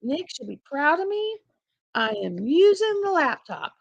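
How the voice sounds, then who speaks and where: A woman's voice: sits high, sing-song, measured pace, creaky, dry recording, dull audio. An older woman, hosting a casual craft live stream from home on a laptop, chatting in a rambling way and laughing often. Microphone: laptop mic.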